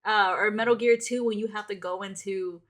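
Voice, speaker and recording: A woman's voice: medium pitch, fairly even intonation, a little fast, fairly bright tone. A woman co-hosting a podcast in casual chat, curious and full of questions. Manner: curious, asks lots of questions. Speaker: podcast co-host.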